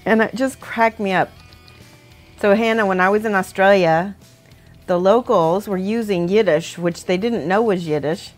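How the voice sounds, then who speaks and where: A woman in casual livestream chat, talking through her work as she goes. She laughs often and thinks aloud in a voice of middling pitch. Soft music plays faintly behind her. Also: normal speed. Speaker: livestream host painting models. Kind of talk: casual chat while working.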